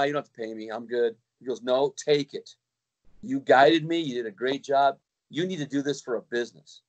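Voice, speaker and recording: A man's voice: medium pitch, a little mellow. A middle-aged man, a kayak fishing guide, telling a long story in casual chat with many restarts and acted-out quotes.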